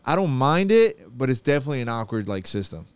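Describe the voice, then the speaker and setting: Guy with a smooth clear voice, casual podcast chat, laughs a lot, acts out the people in his stories. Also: medium pitch, big pitch swings, fast, no echo. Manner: laughs often, tells stories animatedly.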